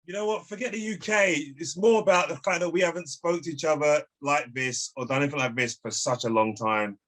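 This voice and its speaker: A man's voice: on the high side, fairly quick, fairly bright tone. A man hosting a casual interview over a video call. He talks in a friendly way and often repeats his words as he goes. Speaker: interview host.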